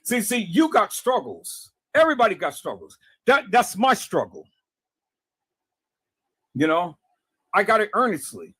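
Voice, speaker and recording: A man's voice: fairly high pitch, a bit bright, breathy edge, no room sound. A man talking to his viewers in a casual, preachy way, often stammering and repeating words. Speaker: video host.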